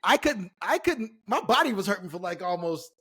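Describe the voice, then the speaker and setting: Ex ballplayer guy telling stories, animated, acts out quotes, kinda high voice. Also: a little fast, slightly rough. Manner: animated storyteller, acts out quotes, swears casually. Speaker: former pro baseball player, guest. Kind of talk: casual storytelling chat.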